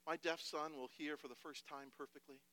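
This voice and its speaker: Emphatic male preacher, bright high voice. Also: steady tone, fairly quick. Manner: emphatic, swinging from hushed to loud. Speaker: pastor. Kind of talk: sermon.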